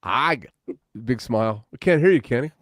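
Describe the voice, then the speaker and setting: A man's voice: mid-range voice, expressive, normal speed, no room sound, clean studio sound. A man co-hosting a podcast in casual banter, teasing and playful. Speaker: podcast co-host.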